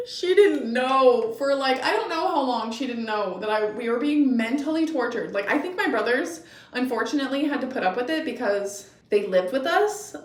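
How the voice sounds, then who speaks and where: A young woman vlogger telling a casual story, blunt and animated, swearing freely. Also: sits high, moderate pace, echoey room, recorded from a distance.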